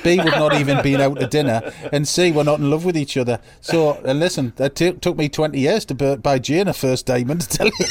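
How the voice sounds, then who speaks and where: A man co-hosting a studio chat, needling his colleagues with blunt jokes. His voice sits a touch high for a man. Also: normal speed, crowd noise. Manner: teasing, blunt, jokey. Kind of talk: casual studio banter.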